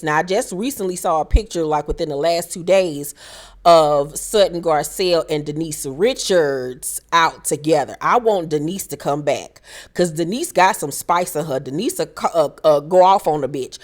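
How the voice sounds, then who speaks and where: A woman hosting a casual reality TV recap, talking in a sassy, profane, animated way. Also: fairly low pitch.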